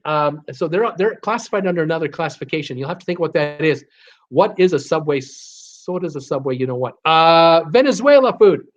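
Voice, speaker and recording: A man's voice: fairly high pitch, highs cut off. Chatty man hosting a live stream. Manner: chatty, repeats words while searching, many fillers. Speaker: livestream host. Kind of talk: casual live-stream chat reading viewer requests.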